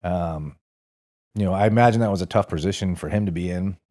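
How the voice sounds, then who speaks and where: A man with a very low, deep voice recounts his military years as a guest on a podcast. He talks in a relaxed, meandering way, with plenty of fillers, and he swears without a second thought. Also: fairly quick. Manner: relaxed, rambling, salty storytelling with fillers and swearing. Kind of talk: casual storytelling interview.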